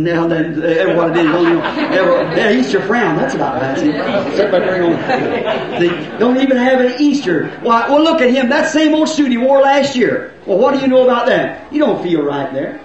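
A man preaching a folksy sermon, swinging between loud shouts and low asides. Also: lively intonation, normal speed, a crowd in the background. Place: church. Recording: echoey, muffled old church recording.

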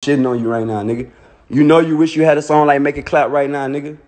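A man's voice: fairly high pitch, steady tone, quick pace, darkish tone. A man in his thirties on a phone livestream, boastfully mocking a rival with repetitive jabs. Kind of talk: taunting livestream rant. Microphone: phone mic. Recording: long echoey reverb.

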